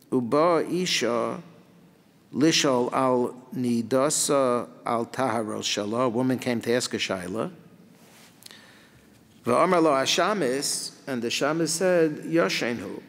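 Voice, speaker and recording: Rabbi lecturing in a reverberant hall. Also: male voice, medium pitch. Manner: reads Hebrew and Aramaic text then translates it, lively questions. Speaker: rabbi teaching a class. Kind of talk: Talmud lecture.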